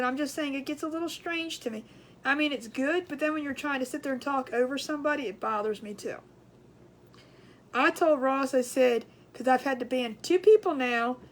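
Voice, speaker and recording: A woman hosting a casual crafts livestream, rambling chattily and greeting viewers in a drawn-out sing-song. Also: high-pitched, fairly bright tone.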